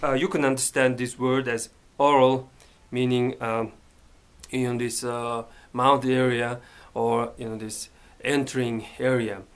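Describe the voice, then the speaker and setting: A man's voice: mid-range voice, level tone, a little slow, clean tone. A man from Mongolia, talking casually to camera in his bedroom, hesitant and full of fillers. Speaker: vlogger. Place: his bedroom, sitting by the bed.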